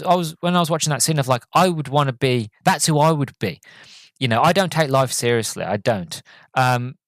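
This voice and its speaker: A man's voice: mid-range voice, dry recording. A man hosting a solo podcast and reviewing a movie in a rambling, self-correcting way. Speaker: podcast host.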